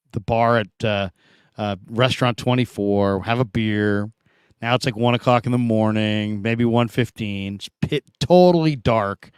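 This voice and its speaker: Brief: middle-aged male sports talk host, animated storyteller, dry close sound. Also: mid-range voice, clean tone, dry recording. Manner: animated storyteller, acts out quoted voices.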